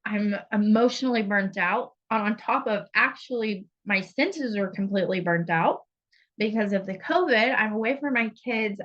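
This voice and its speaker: A woman's voice: on the high side, dull audio. A woman spiritual coach giving an earnest, intense, confessional teaching monologue, blunt and unafraid to swear.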